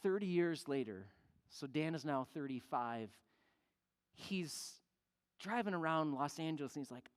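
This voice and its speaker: A pastor preaching a sermon as an animated storyteller who acts out the people in the story. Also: mid-range voice, measured pace, clean tone. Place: church sanctuary. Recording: long church reverb.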